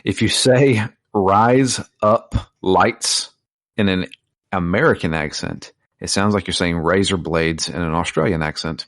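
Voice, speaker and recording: A man with a very low voice chatting as a podcast co-host. His speech is dry and close to the mic, with no room sound. He talks in a playful, teasing way. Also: unhurried, a bit bright, no echo. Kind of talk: casual chat.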